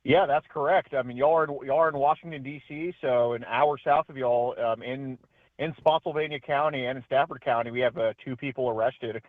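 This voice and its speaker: A man calling in as a guest, telling his story in a chatty, animated way with frequent laughs. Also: mid-range voice, a little fast, dry recording. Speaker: guest, independent journalist. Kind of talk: casual phone interview. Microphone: phone. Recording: tinny phone line.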